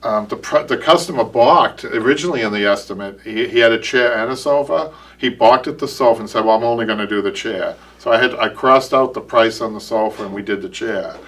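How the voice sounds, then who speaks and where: A man's voice: lowish voice, fairly quick, few pauses, a bit bright, distant mic, slight background noise. A man with a Boston accent hosting a live upholstery show, talking casually and rambling with repeated words and restarts. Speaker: upholstery shop owner and show host. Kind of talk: casual live-stream chat.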